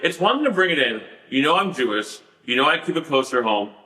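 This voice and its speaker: A man's voice: on the high side, very animated, fast talker, reverberant, music in the background, poor audio. A man telling his story as a podcast guest, rambling with many fillers and laughing at the absurd parts. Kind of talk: storytelling in a casual interview.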